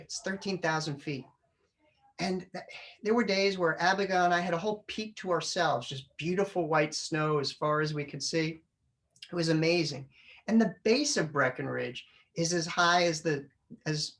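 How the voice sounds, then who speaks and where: Middle-aged man, funny storytelling speaker, lively and animated. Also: fairly high pitch. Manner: animated storyteller, acts out family voices. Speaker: public speaker. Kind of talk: humorous storytelling speech. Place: club meeting room.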